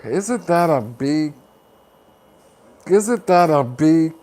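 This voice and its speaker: A man's voice: a little high, animated, very slow, darkish tone. A man hosting a livestream, chatting casually and upbeat as he reads out viewer comments and rallies support. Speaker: livestream host.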